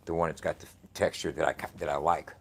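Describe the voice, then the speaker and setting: Deep-voiced man, profane and rambling. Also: steady tone, fast, breathy edge. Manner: profane, rambling, repeats himself. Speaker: screen printer vlogger. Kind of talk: casual motivational talk to camera.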